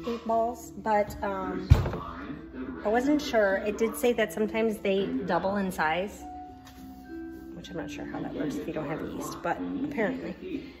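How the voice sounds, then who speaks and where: Over background music, a woman who vlogs about home cooking walks through her baking at a measured pace. Her medium-pitched voice is chatty and gushing, full of fillers.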